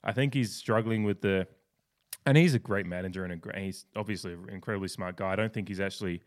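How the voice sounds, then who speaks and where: This is a man on a casual sports podcast with a notably deep voice and a clean, resonant tone. He tells stories in an animated, rambling way, often restarting his sentences. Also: fast talker. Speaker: podcast co-host.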